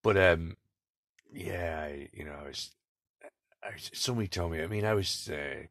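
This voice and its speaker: A man's voice: low-pitched, normal speed, fairly bright tone, dry recording, clean studio sound. A man who drives buses, telling casual, rambling anecdotes to camera and laughing between stories. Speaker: bus driver.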